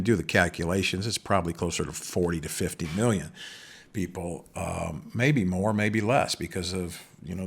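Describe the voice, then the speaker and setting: A man's voice: low voice, breathy edge. A middle-aged man hosting a podcast, talking in a rambling monologue with many restarts. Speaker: podcast host. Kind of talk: casual monologue.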